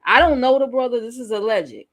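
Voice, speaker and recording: A woman with a fairly high voice hosts a casual reaction commentary. She speaks bluntly and candidly, swearing and laughing freely. Her delivery feels like an unscripted chat with viewers. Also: lively intonation, brisk. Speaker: YouTube commentary host.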